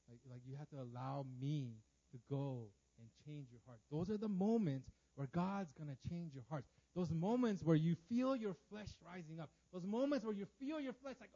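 High-voiced man preaching, animated stammering. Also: brisk, lo-fi sound. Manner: animated, swings between loud outbursts and hushed quiet lines; stammers and repeats words often. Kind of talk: storytelling sermon to a congregation.

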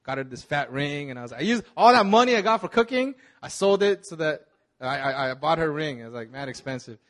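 A man's voice: on the high side, expressive, fairly quick, fairly bright tone. Slangy man telling a sermon story. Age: 30s. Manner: casual, slangy storytelling with many restarts. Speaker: pastor. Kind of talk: sermon testimony.

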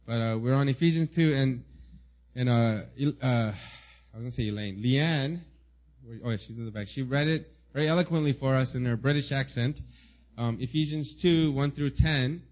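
Guy preaching a sermon, reads quotes slow and punchy, says uh a lot, kinda muffled recording. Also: medium pitch. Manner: reads quotes slowly and emphatically, with filler "uh".

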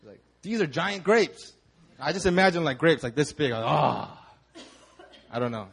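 Young guy pastor, high voice, chatty sermon, does silly voices for the crowd. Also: lively intonation, fairly quick. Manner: casual storytelling, acts out the crowd in dramatic voices. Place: church hall.

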